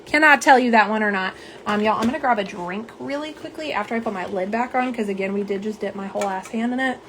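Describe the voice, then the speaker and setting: A middle-aged nail polish host talks fast at medium pitch on her casual livestream, bubbly as she reads viewers' comments aloud and chats with them. She streams from home on a phone camera, and the background is noisy.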